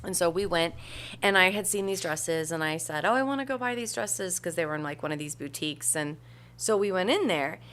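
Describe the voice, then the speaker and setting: A woman's voice: low voice, brisk, a bit bright. Chatty woman telling a funny story. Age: 40s. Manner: storytelling, laughs easily, trailing off. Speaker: podcast co-host. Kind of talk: casual chat.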